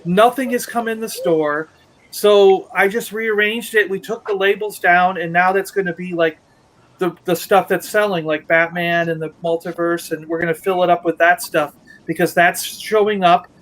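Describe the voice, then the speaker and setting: A man with a high, slightly bright voice speaks at a moderate pace in a steady tone, and the recording is rough. He's a Lego merchandising rep co-hosting a casual toy-collecting livestream, rambling through a long story, restarting often and acting out what other people said as he retells conversations.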